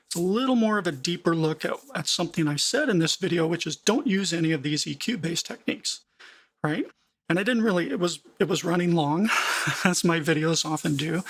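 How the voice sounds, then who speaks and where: A man's voice: high voice, vocal fry, fairly bright tone, breathy edge. A man giving a screen-share music production tutorial, conversational and emphatic, with frequent fillers and restarts.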